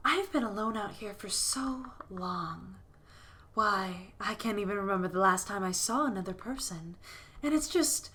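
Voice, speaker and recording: A woman voicing a lonely, motherly forest witch in a game, speaking softly and gently. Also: mid-range voice, lightly acted. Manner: soft, gentle and doting. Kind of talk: reading a game character aloud.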